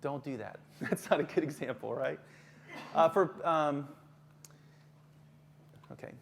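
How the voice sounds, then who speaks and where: Lively male counselor giving a workshop. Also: slow, gravelly, a little hiss or hum. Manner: lively, drops to a soft low voice for calm examples. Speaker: school counselor presenting to teachers. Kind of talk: live workshop talk.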